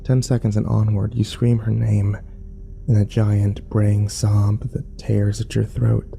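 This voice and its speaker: A man narrating dark horror stories in a slow, grim, scripted manner that climbs to frantic shouting in the tense scenes. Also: on the low side, completely flat delivery, gravelly, faint music behind, low-quality recording.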